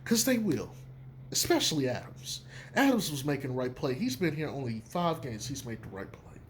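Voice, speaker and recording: A man giving casual basketball opinions in an emphatic, profane, animated way. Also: mid-range voice, moderate pace, a little hiss or hum. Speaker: sports commentator. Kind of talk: casual sports opinion talk.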